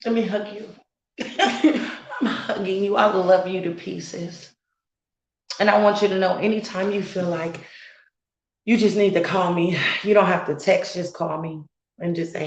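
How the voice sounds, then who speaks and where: A woman content creator speaking earnestly and emotionally on a live stream, halting as she talks. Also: fairly low pitch, fairly even intonation, reverberant, poor audio. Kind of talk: heartfelt live-stream talk.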